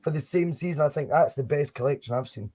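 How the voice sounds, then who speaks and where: A man co-hosts a live fan podcast in a loose, rambling way, often restarting his sentences. His voice sits a little high but dark and mellow in tone. The recording sounds dull and lo-fi. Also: quick pace. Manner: chatty, rambling, frequent restarts. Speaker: podcast co-host. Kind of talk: casual live-stream chat. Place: home studio for a live stream.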